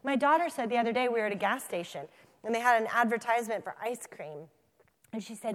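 Keynote woman, 30s, lively storyteller, slightly high pitch, big reverberant hall. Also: fast talker. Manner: animated storyteller, acts out dialogue. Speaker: keynote speaker. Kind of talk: conference talk with storytelling.

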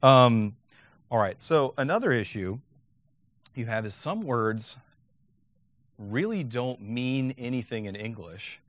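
A man's voice: mid-range voice, lively intonation, slow, pauses often, no echo. A man giving a lecture on teaching Latin, talking conversationally and often checking in with "okay?".

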